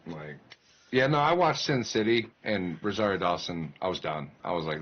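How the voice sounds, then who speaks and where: A man chatting casually on a game stream, swearing freely and jumping between jokes and asides. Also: deep voice. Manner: animated, swearing, quick asides and laughs. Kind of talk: casual gaming-stream chat. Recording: muffled lo-fi stream audio.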